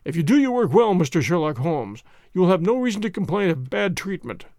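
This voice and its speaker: Haughty aging duke, read by a man, lower and gravelly, clipped and commanding. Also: sing-song, fairly quick, darkish tone, dry recording, clean studio sound. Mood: impatient. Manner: stately, curt and commanding. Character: stern, proud older nobleman, a duke.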